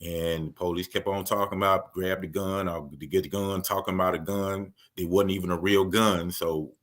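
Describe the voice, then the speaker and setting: Male podcast co-host, very low voice, earnest and measured news talk. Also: fairly even intonation, a bit bright. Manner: earnest, measured, recounting events in detail. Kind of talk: casual discussion of news.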